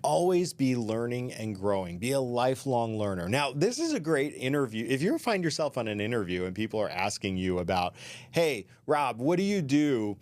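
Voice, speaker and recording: A man's voice: mid-range voice, sing-song, brisk, few pauses, a little mellow, no room sound. A middle-aged man hosting a career advice talk, speaking conversationally with asides and restarts. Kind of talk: solo advice talk to camera.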